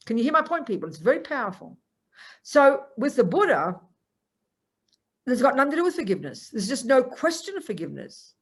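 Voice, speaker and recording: An older woman giving a Buddhist teaching to a group, animated and acting out the voices she quotes. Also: a little high, breathy edge. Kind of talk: Dharma talk to a group.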